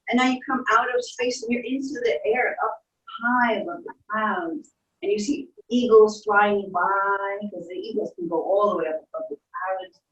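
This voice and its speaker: A woman leading children through a guided imagination story, in a soft, playful storytelling way with little sound effects. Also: mid-range voice, moderate pace, highs cut off. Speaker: instructor leading a guided visualization. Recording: echoey room, distant from mic.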